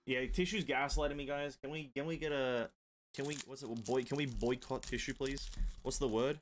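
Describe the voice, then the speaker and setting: A man's voice: mid-range voice, steady tone, moderate pace, slight background noise. A man from Europe streaming a video game, chatting casually with his viewers, swearing freely and bantering with them. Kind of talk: casual live-stream chat while playing.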